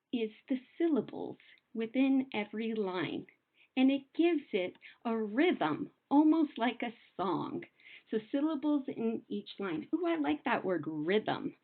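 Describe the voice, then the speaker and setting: A young adult woman teacher explaining poetry to children in a patient, sing-song way, slowing down to sound out words. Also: on the high side. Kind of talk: recorded classroom lesson. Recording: phone-like narrow sound.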